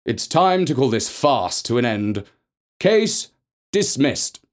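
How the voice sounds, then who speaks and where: A man's voice: mid-range voice, very animated, takes it slowly. A man doing a stern weary judge. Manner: commanding, then curt.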